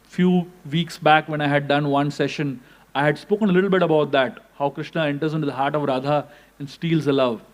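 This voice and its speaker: A man's voice: a little high, brisk. Man telling sacred stories. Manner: animated storytelling, acts out the dialogue. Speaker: spiritual teacher. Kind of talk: scripture class storytelling.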